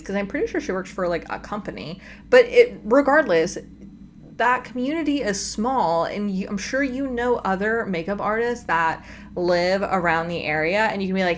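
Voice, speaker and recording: Seated at her home desk with a desk microphone, a woman hosts a reaction commentary, speaking emphatically and with exasperation and tossing in fast asides. Her voice is medium-pitched with lively intonation, and there's slight background noise.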